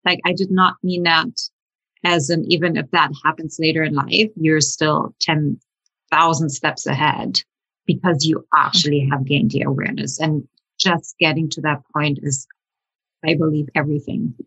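Guest, woman with a very low husky voice, earnest and reflective, muffled dry recording. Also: level tone, normal speed, fairly bright tone, no room sound. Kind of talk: casual chat.

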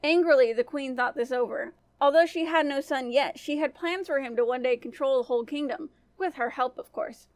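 A woman storyteller narrating a fairy tale for a family-friendly podcast in a gentle manner. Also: high-pitched, brisk, hardly any pauses, no room sound.

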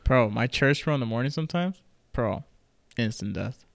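A man's voice: medium pitch, animated, normal speed, gravelly, no room sound. A young man in casual chat as a podcast co-host, laid-back, joking and slangy.

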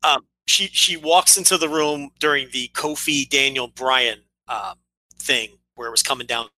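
A man's voice: medium pitch, steady tone, moderate pace, bright, forceful tone, poor audio. A man co-hosting a wrestling podcast, telling stories with wry exasperation in casual chat. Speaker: podcast co-host.

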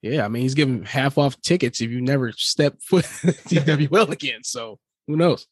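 Husky man trading dry quips. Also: medium pitch, normal speed. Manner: short dry replies and quips. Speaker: podcast co-host. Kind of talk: casual recap chat.

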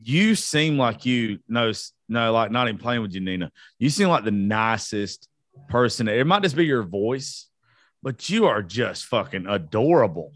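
A man's voice: medium pitch, animated, normal speed, a bit bright, dry recording. Profane joking Southern man, dry close sound. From South Georgia, US. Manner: profane, joking, self-mocking. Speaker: podcast host. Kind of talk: casual unedited podcast banter.

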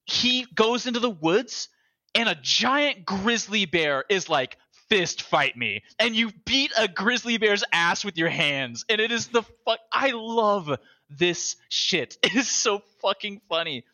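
A young man in casual podcast chat, excitable and swearing a lot, acting out lines as he talks. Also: high-pitched, a little slow. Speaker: podcast co-host.

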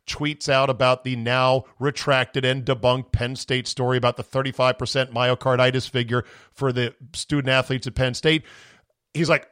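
A man's voice: medium pitch, steady tone, normal speed, clean tone, no echo. Man, podcast host, sarcastic sports rant, strained voice, dry close sound. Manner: sarcastic, indignant, swings into shouting. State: voice going from screaming. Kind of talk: ranting sports talk.

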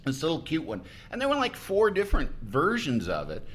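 A man guesting on a podcast tells a long, rambling story in casual chat. He interrupts himself constantly and slips into little acted-out quotes. His pitch swings widely, and his tone is bright and forward. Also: wildly swooping pitch, a little fast, husky. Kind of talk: casual chat, telling an anecdote.

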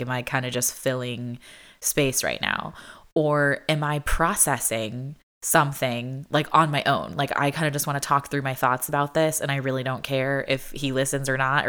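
Low-voiced young woman chatting casually. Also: fairly even intonation, moderate pace, a bit bright, clean tone. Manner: chatty, frequent "like" fillers, laughs often. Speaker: vlogger. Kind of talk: casual chat.

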